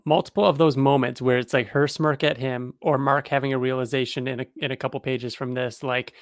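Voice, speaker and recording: Casting: male co-host, easygoing and appreciative, medium pitch, dry recording. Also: fairly even intonation, brisk, no echo. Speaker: podcast co-host. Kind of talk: casual chat.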